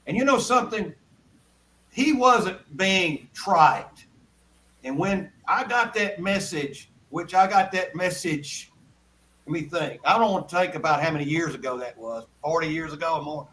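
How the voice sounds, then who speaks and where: Brief: older man, high bright voice, folksy storyteller, distant call audio. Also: lively intonation, a little slow. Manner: folksy, rambling anecdotes with repeated asides. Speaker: guest songwriter. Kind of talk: casual storytelling interview.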